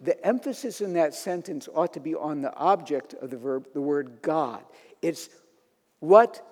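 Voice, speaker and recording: A man's voice: fairly high pitch, lively intonation, measured pace, darkish tone, long reverb tail. A man preaching a sermon as pastor, building to emphatic declarations.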